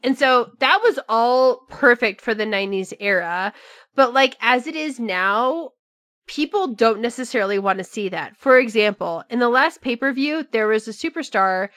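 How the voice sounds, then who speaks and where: A woman co-hosting a podcast, chatting casually in an animated, profane way with mocking asides. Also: a little high, moderate pace, dry recording, studio quality. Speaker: podcast co-host. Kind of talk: casual chat.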